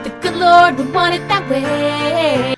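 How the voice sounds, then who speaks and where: A shrill squeaky singing voice. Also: male voice, slow pace. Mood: mock-pious. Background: loud children's music.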